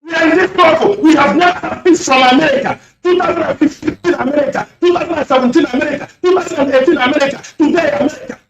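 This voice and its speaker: Fiery high-voiced man on a phone line. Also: quick pace, hardly any pauses, a crowd in the background. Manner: fiery, accusatory, repetitive. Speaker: caller. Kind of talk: impassioned radio call-in speech. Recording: echoey distant lo-fi phone line.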